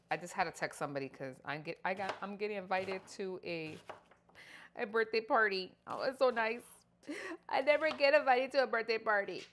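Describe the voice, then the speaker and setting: A woman's voice: mid-range voice, a bit bright, slight background noise. A middle-aged woman chatting playfully to her viewers while she cooks in her home kitchen, with joking asides. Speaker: lifestyle vlogger. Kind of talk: casual cook-along vlog chat. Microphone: wireless clip-on mic.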